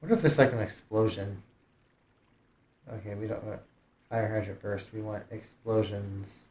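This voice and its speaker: A man's voice: on the low side, steady tone, moderate pace, darkish tone, echoey room. A man streamer giving casual gameplay commentary, thinking aloud with hesitant restarts. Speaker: game streamer.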